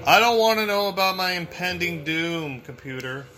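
Excitable, swearing gameplay streamer man. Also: sits high, normal speed, soft background music. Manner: excitable, swearing, yells when panicking. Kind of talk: let's play commentary.

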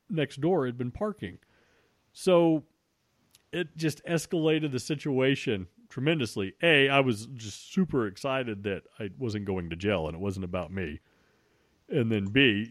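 A man's voice: medium pitch, no room sound, clean studio sound. A man telling a long story in a casual, profane way, with many restarts. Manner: profane, rambling with frequent restarts.

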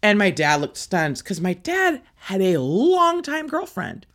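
A woman telling a personal story in an animated, profane way, acting out the quotes loudly. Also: medium pitch, measured pace. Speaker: interviewee.

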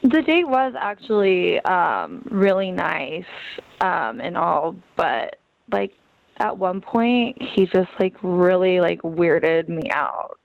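A woman talking to a radio show by phone in a creaky, sleepy morning voice, hesitant and casual. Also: on the low side, sing-song, slow pace. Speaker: radio caller. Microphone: telephone. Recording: dull phone line.

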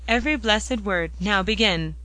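A woman voicing a gruff old grandfather who talks in a brusque, firm way. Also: medium pitch, moderate pace, no room sound, lightly acted, low-quality recording. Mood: commanding. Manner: brusque, firm, then gently yielding.

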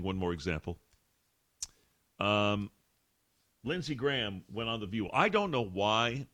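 Animated sarcastic radio host man. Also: lowish voice. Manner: sarcastic, animated, rhetorical questions. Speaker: radio talk show host. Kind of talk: talk radio commentary.

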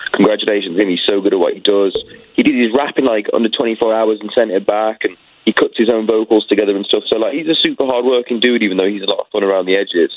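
A man's voice: fairly low pitch, muffled recording. A young British man in a casual radio interview, chatty and rambling. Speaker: guest singer.

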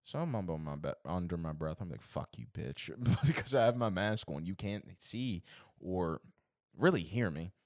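A young man with a deep, low voice rants through a casual podcast chat, exasperated and swearing freely. The sound is dry and close, with no room around it. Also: expressive, normal speed, darkish tone, no room sound. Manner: profane, exasperated ranting. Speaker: podcast co-host.

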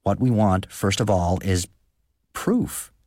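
A man's voice: sits low, slow, a little mellow, slight background noise. A man voicing a nervous, thin-voiced village deacon who asks careful, probing questions, read as an audiobook character.

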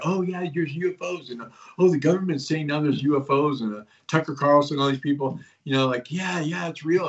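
Rambling man on dull lo-fi audio. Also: medium pitch. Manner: rambling, filler-heavy, conspiratorial. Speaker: guest, host of his own show. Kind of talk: casual interview storytelling.

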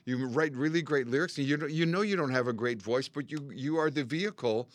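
An older man from Canada, a musician guest spinning animated stories in a casual chat and acting out the people he quotes. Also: medium pitch, brisk, no room sound. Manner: animated storyteller, acts out quotes and sings snippets. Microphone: studio mic.

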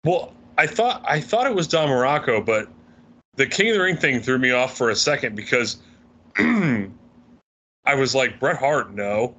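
A man co-hosting a wrestling podcast, answering trivia in casual chat, thinking aloud and clearing his throat. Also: mid-range voice, big pitch swings, measured pace, fairly bright tone, highs cut off.

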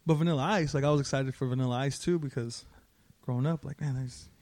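A man co-hosting a podcast, telling stories in a profane, laughing, animated way. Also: mid-range voice, quick pace, dry recording. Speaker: podcast co-host. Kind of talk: casual storytelling.

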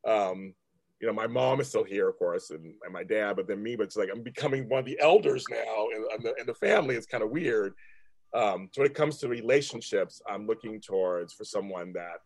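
A man in his fifties from California hosts a casual chat, his voice a little husky and breathy. He rambles, stops and restarts his sentences often, and fills the gaps with ums. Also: fairly low pitch. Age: 50s. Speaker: host.

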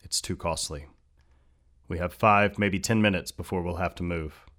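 A man's voice: deep voice, steady tone, normal speed, fairly bright tone. A man voicing a robed stranger who gives clipped, urgent warnings.

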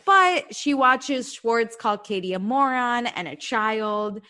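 A woman co-hosting a casual chat, recapping a reality show and acting out the cast's lines. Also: on the high side. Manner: animated, acts out quotes in quick bursts. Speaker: recap podcast co-host.

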